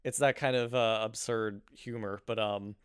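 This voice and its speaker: A man's voice: lowish voice, steady tone, moderate pace, smooth, dry recording, studio quality. A man co-hosting a casual podcast, talking in a rambling way with lots of fillers. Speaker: podcast co-host. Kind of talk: casual chat.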